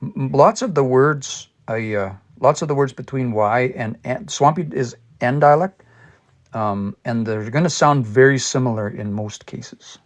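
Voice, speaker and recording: Guy doing a chill livestream language study, mid-pitch voice, spells stuff out letter by letter, talks it through as he goes. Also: a little slow. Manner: thinks aloud, spells words out letter by letter; explains patiently with worked examples. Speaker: language learner teaching a livestream study session. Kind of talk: casual livestream language lesson.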